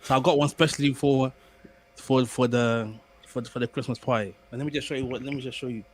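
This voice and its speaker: A young man co-hosting a podcast, telling stories in casual chat with animated repeats and restarts. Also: medium pitch, fast, slight background noise. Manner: animated storyteller, stammers and repeats words. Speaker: podcast co-host.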